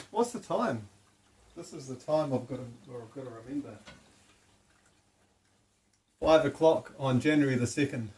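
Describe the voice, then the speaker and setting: A man chatting excitedly at home beside a fish tank, often cooing to his pet fish in a high sing-song voice. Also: normal speed, long pauses, slight background noise. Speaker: vlogger. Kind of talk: casual home vlog.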